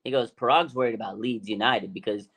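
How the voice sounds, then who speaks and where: Animated slangy man on a sports podcast. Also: on the low side, a little fast, over a noisy crowd. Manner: animated, slangy, many fillers and restarts. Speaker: podcast host. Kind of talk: casual sports podcast chat.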